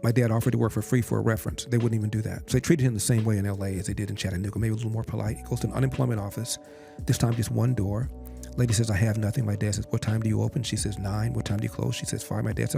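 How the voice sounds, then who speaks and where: Speaking rapid-fire in a fairly low, gravelly voice with a flat delivery, an older podcast guest recounts a family anecdote. He repeats his father's words verbatim, with a music bed behind the interview.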